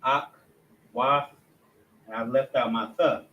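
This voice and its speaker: A man leads a language class, spelling words out syllable by syllable as he writes. His voice sits a little high, and the recording sounds dull and lo-fi. He stops now and then to fix his own mistakes aloud. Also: lively intonation, a bit bright, roomy sound. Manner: spells words out slowly, corrects himself aloud. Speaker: class teacher. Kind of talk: Hebrew language lesson at a board.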